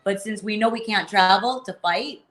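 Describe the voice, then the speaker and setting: A woman's voice: medium pitch, normal speed, fairly bright tone. A woman co-hosting a casual watch-party chat, gushing and blunt by turns. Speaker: co-host.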